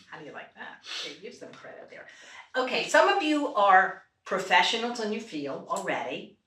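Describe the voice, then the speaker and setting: A woman's voice: medium pitch, bright, forceful tone, a little hiss or hum. A woman leading a group vocal exercise at a church retreat, playful and laughing often, congested from allergies. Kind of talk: casual workshop talk to a group. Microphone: distant room mic. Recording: echoey church room, mic far off.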